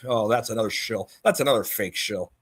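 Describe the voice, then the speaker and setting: A man's voice: fairly low pitch, brisk, fairly bright tone, breathy edge. A man hosting a livestream, chatting casually and mocking others as he rambles. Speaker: livestream host. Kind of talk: casual chat.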